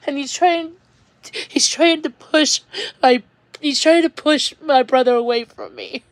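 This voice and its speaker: A woman venting on a livestream, rambling and halting, repeating words as she goes. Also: high-pitched, no echo.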